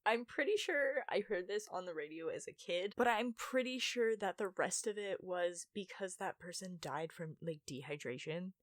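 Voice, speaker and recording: A woman's voice: fairly low pitch, expressive, moderate pace, hardly any pauses, dry recording, studio quality. A young woman from the United States telling childhood stories in a rambling, self-mocking vlog, with lots of fillers. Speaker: YouTuber. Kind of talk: casual storytime monologue.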